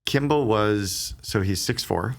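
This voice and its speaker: A middle-aged man, a guest on a business podcast, telling stories in a quick, animated conversational way and acting out the dialogue he quotes. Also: fairly low pitch, gravelly. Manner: fast, animated storyteller who acts out quoted dialogue.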